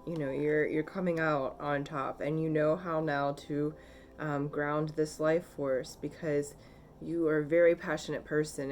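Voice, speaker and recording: Low-voiced woman giving a gentle card reading. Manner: soft, gentle and emotional, with many fillers. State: tearful. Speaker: tarot and oracle card reader. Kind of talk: casual spiritual card reading.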